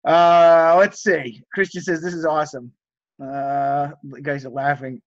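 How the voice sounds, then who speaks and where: A man with a high-pitched voice hosts a casual live stream, answering viewers' questions with upbeat, salesman-like enthusiasm. The sound is dull and lo-fi. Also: flat delivery, measured pace. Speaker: host of a live stream teaching resale negotiation. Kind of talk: casual live-stream coaching, reading chat messages.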